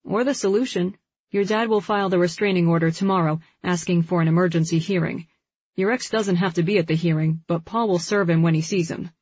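A calm, reassuring young man, read by a woman narrator in a romance audiobook. The voice is husky and lowish. The recording is dry and dull. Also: brisk, no room sound.

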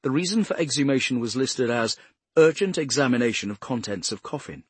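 Reading scripted narration from a crime novel, a man keeps a calm, even delivery in a husky voice of middle pitch. The mic sits close, and the sound is dry, with no room sound at all.

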